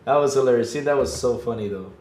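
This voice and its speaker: A man's voice: mid-range voice, fast, a little mellow, roomy sound. A man hosting a casual livestream, joking with the chat and playing up mock hurt, laughing often. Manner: playful, self-mocking, laughs often, mock-whiny. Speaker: livestream podcast host. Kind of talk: casual live-chat banter.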